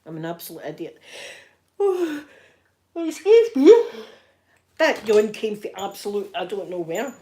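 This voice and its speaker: Chatty Glaswegian woman, soft spoken. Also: medium pitch, big pitch swings, measured pace, pauses often. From Scotland. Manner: chatty storytelling with frequent laughs and soft asides. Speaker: ASMR livestream host. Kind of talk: casual chat.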